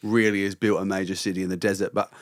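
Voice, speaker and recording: A man's voice: sits low, level tone, quick pace. A man in his thirties with an Australian accent, a stand-up comedian telling stories in casual podcast chat. He swears freely and laughs through his own lines.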